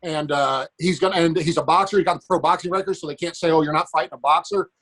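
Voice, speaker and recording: A man's voice: on the high side, fast talker, a bit bright. A man thinking aloud as a podcast guest, building his case step by step. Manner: thoughtful, reasoning aloud.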